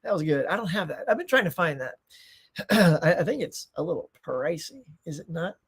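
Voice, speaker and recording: A man's voice: a little high, sing-song, fairly quick, gravelly, fairly bright tone, slightly rough. A middle-aged man hosting a live stream in casual chat, rambling, reading viewer comments aloud and tossing in playful asides. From United States.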